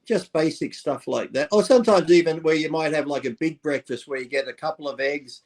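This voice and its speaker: A male co-host with a slightly high voice tosses in jokes and quick asides. His talk is loose and playful. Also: a little mellow. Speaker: regular co-host. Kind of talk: casual chat.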